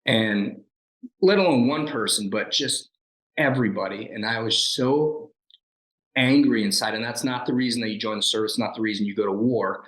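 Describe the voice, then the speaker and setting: A man's voice: on the low side, moderate pace, roomy sound, rough recording. A man in his forties, a guest and former Navy SEAL, telling his life story in an interview and acting out the lines people said to him. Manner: animated storyteller who acts out quoted lines and laughs at himself.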